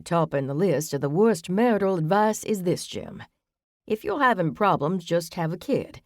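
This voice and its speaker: A woman reads as a theatrical, attention-loving man sharing a snarky list with his friends, his delivery hammy and dry-sounding. It is an audiobook character voice, close and low-pitched. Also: big pitch swings, moderate pace, a little mellow, no echo. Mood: amused. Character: chatty showman man reading aloud to friends.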